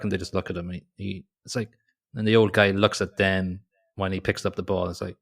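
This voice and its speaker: A man with a very low voice, gravelly and full of fry. He recaps a film for a podcast in a casual, sarcastic way, mocking its lines as he goes. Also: steady tone, a little fast. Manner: sarcastic, recaps scenes with mock dialogue. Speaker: podcast co-host. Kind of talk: casual movie recap chat.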